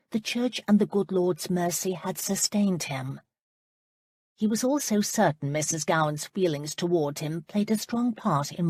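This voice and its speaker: A woman narrating a historical romance audiobook in a calm, measured way. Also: on the low side, husky, no echo, studio quality.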